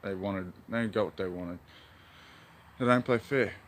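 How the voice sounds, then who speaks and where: A laid-back Australian man wanders through his backyard garden, talking into a phone camera in a meandering, spiritual, slangy way. His voice sits a little low, and faint outdoor ambience hangs behind it. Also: a little slow, slight background noise. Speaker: hobby gardener vlogger. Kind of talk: rambling outdoor vlog.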